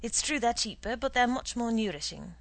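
A woman's voice: on the high side, animated, brisk, creaky, fairly bright tone, dry recording, pitched above the performer's own voice, poor audio. A woman reading the part of a stingy, stern middle-aged husband who lectures in a dry voice. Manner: dry, lecturing, penny-pinching.

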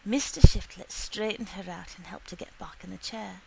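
A woman reading a short story aloud in a steady, unhurried storytelling manner. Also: medium pitch, vocal fry, heavy background noise. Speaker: reader.

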